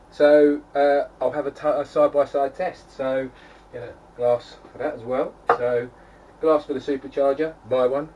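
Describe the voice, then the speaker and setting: A man's voice: mid-range voice, a little mellow, dull audio. A young man casually chatting to camera at home beside his keg setup, rambling with plenty of fillers and restarts. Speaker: homebrewing vlogger. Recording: distant mic, faint background noise.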